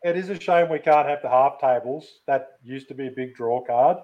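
A man's voice: medium pitch, normal speed. A man co-hosting a casual livestream who teases, swears and laughs often. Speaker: co-host, knife-making gear supplier. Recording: dull lo-fi sound.

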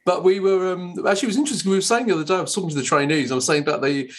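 A man who trains teachers, telling lively classroom stories in a relaxed chat. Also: sits high, rapid-fire. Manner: animated anecdotes with bright put-on quotes. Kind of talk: casual podcast chat.

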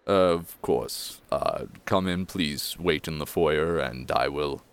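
A man's voice: rumbling low, slow, clear, resonant tone, voice pushed down, exaggerated voice. A man voicing a weary, formal male butler who speaks stiffly and deferentially.

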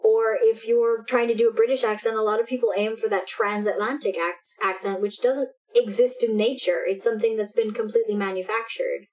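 A woman's voice: fairly high pitch, steady tone, fairly quick, few pauses, darkish tone, low-quality recording. A young adult woman co-hosting a casual chat from home, talking in a rambling way and restarting her sentences. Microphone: headphones with a mic.

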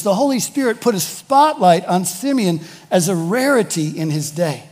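A man's voice: high voice, expressive, normal speed, darkish tone, big-room sound. A male pastor preaching a sermon with emphasis, repeating key phrases for weight.

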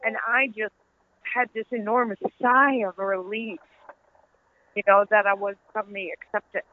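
A woman's voice: mid-range voice, fairly even intonation, a little slow. A middle-aged woman with a Dutch accent, an author telling stories earnestly as an interview guest, laughing easily. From Netherlands. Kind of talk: conversational interview. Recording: tinny phone-line audio.

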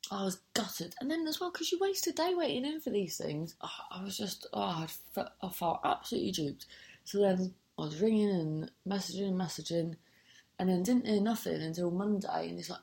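A woman with a lowish voice and a lot of vocal fry tells a story in casual chat. She sounds exasperated, swears freely, and keeps cutting herself off mid-sentence. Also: animated, normal speed, a little mellow.

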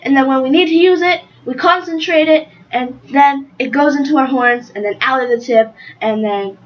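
High-voiced chatty unicorn girl, a woman putting her on, earnest and kinda halting, muffled lo-fi sound. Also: natural voice. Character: chatty young female unicorn. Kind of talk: improvised role-play interview.

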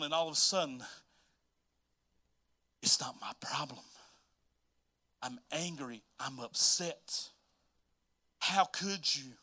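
High, bright-voiced energetic male preacher. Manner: energetic, folksy, repetitive, laughs often. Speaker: pastor. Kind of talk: sermon.

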